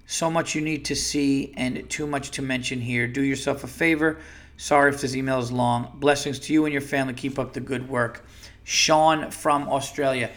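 A man's voice: mid-range voice, fairly bright tone. A man hosting a casual solo podcast, rambling and joking crudely as he reads listener emails aloud. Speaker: podcast host.

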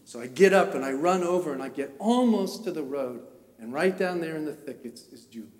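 A man preaching a sermon through a personal story, talking with emotion that swells into impassioned shouting. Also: a little high, lively intonation, fairly quick. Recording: echoey hall, voice from far off.

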